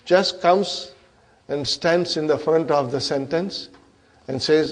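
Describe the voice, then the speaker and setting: A man's voice: fairly high pitch, takes it slowly. A man with Urdu as his first language, teaching an Arabic grammar class and constantly checking in with his students. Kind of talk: classroom lecture.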